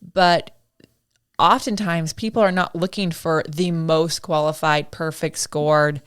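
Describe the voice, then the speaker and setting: A woman's voice: low voice, fairly even intonation, slow, clean tone. A woman hosting a podcast interview, chatty and enthusiastic, laughing readily and jumping in. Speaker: podcast host. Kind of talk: casual interview chat.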